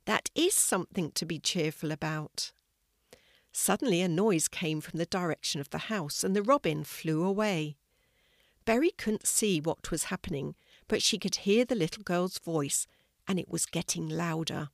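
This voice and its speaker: Older woman, grandma storyteller, low gentle voice, dry close sound, measured read. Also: gravelly, dry recording. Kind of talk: reading a children's story.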